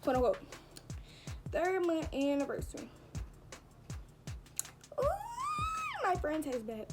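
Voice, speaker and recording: A young adult woman vlogger telling a story to camera in a casual, animated and self-mocking way, talking straight to her viewers. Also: high voice, slow, long pauses, over music.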